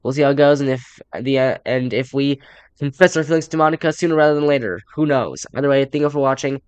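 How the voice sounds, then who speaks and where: A man's voice: mid-range voice, quick pace, a little mellow, clean tone, dry recording, muffled recording. Chatty young male gaming YouTuber. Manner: chatty and rambling, with upbeat sign-offs. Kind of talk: casual let's play commentary and game text reading.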